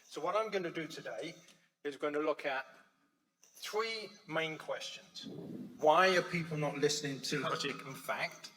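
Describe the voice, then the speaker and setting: A slightly high-voiced man gives a public talk to an audience in an event hall. He tells stories and often jumps from loud, stressed words to soft, quiet lines. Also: moderate pace, slight background noise. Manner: storytelling with swings between loud emphasis and soft quiet lines. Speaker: conference speaker.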